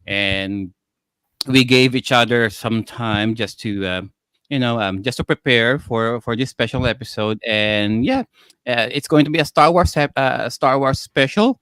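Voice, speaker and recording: A man hosts a casual online gaming show over a video call. He talks in a halting way, full of pauses and fillers. The sound is dry and close. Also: lowish voice, a bit bright, clear, resonant tone, dry recording. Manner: halting, many fillers and restarts. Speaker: podcast host. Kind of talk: casual livestream chat. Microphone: video call mic.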